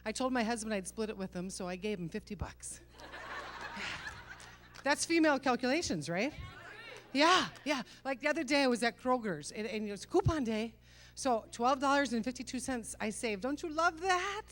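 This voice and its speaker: Slightly high and animated, with a fairly bright tone, a middle-aged woman performs comedy on stage, mocking herself punchily and tossing rhetorical asides to the crowd. There's a little hiss or hum in the background.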